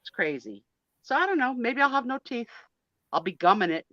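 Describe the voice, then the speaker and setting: A woman's voice: a little high, big pitch swings, fairly quick, pushed and bright, dull audio. A woman in her sixties, a guest on a casual live video chat, talking in a blunt, joking, self-mocking way. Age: 60s.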